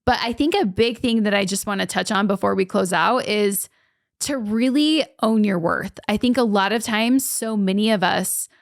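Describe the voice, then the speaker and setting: A woman's voice: medium pitch, normal speed, creaky, no room sound, studio quality. A young adult woman co-hosting a podcast, chatting casually and earnestly, telling stories with lots of "like" fillers. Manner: earnest, storytelling, frequent "like" fillers. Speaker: podcast co-host.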